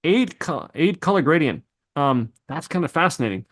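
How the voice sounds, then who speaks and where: A man teaching video editing software, thinking aloud as he clicks through presets, with loose asides and exclamations. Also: on the high side, expressive, moderate pace. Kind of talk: screen-recorded software tutorial.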